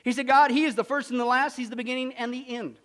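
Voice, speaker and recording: A man with a very high voice preaches a sermon and tells jokes along the way. He is animated and moves from loud bursts to hushed, quiet lines. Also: fast. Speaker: pastor.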